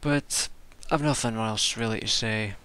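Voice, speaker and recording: A man's voice: fairly low pitch, a little slow, pushed and bright, clean tone. A tired man rambling casually through a wrestling show review, swearing and restarting his sentences. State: tired from staying up all night.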